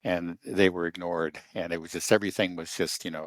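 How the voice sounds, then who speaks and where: A man talking through a casual political discussion, halting often with fillers and restarts. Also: low voice, steady tone, no echo.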